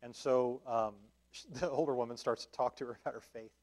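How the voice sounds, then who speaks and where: A man teaches a church Bible study in a relaxed, conversational way. He thinks aloud with ums and restarts and often checks in with his listeners. His voice sits at an ordinary middle pitch. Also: brisk. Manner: checks in with listeners with a questioning "right?". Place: church meeting room.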